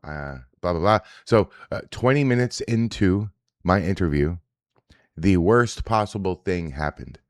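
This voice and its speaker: A man's voice: low-pitched, unhurried, no room sound, studio quality. A man hosting a daily reaction livestream, ranting in a profane, combative, casual way. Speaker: host. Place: indoors, home setup.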